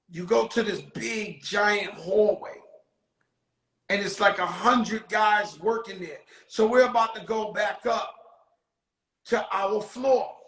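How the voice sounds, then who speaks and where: A man telling a profane anecdote in an animated way, with bursts of shouting. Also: high voice, roomy sound, rough recording. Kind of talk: storytelling anecdote.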